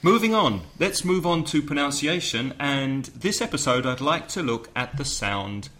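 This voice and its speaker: A middle-aged man from England co-hosting an English lesson podcast, drilling example phrases slowly like a teacher. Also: medium pitch, lively intonation, bright, forceful tone.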